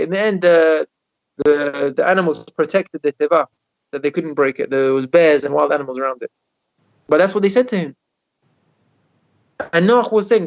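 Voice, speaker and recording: High-voiced rabbi telling a story. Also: male voice, moderate pace, gravelly, long pauses. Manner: animated storyteller, often repeats words. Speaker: rabbi teaching a Torah lesson. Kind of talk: storytelling Torah class. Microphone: video call. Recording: dull lo-fi video call audio.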